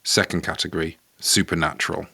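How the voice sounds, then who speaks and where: A man's voice: low voice, level tone, creaky, bright, forceful tone, slightly rough, no room sound. A man co-hosting a comedy podcast, chatting playfully and teasing his co-host. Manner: playful, teasing, quick to joke. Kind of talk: comedic casual chat.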